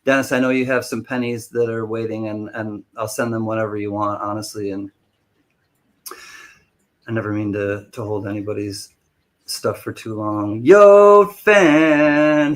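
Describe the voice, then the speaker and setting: Here the auction-stream host speaks in a lowish voice with fairly even intonation. He's playful and full of jokes, quickly running through viewer names as he welcomes people one by one in casual livestream chat.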